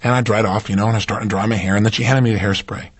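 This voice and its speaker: A man giving a motivational seminar talk, animated and full of rhetorical questions to his audience. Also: lowish voice, rapid-fire, slightly rough. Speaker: motivational speaker.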